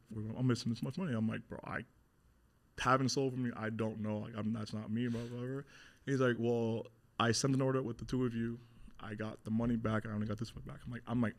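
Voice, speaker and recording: Guy in his 30s telling a rough story in an interview, mid pitch, swears constantly, quotes everyone. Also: little pitch movement, brisk. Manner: blunt, swears a lot, acts out quotes. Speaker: guest.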